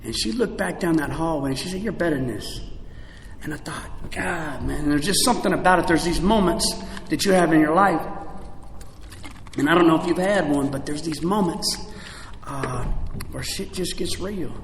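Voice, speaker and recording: Man sharing his recovery story at a convention, fervent to confessional, slightly high pitch, roomy reverb, faint hall noise. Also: normal speed. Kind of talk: recovery meeting share.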